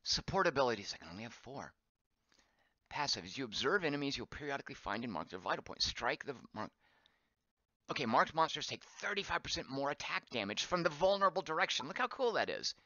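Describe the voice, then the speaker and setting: Chatty lively-voiced male game streamer. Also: mid-range voice, fast, no room sound, highs cut off. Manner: chatty, reads chat aloud, thinks out loud. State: voice going hoarse. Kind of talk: live gameplay commentary.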